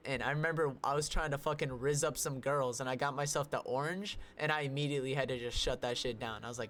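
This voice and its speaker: A young man co-hosting a podcast, telling a story in a casual, animated way and swearing often. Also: medium pitch, fast talker, hardly any pauses. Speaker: podcast co-host.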